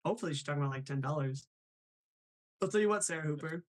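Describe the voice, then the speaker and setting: A man hosting a casual live stream, animated and reading chat messages aloud. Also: a little high, racing. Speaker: host of a live stream show.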